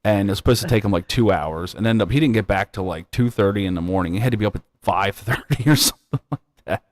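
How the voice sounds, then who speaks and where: A man's voice: on the low side, quick pace, dry recording. A man hosting a live stream, chatting casually and telling rambling stories with frequent laughter. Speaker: livestream host.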